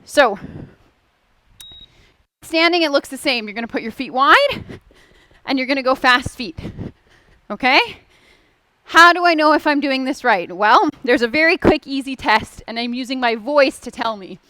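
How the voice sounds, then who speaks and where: A woman's voice: sits high, animated, moderate pace, pauses often, sharp tone, no room sound. A woman instructor leading a seated and standing exercise class, giving upbeat, encouraging cues. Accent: Canadian.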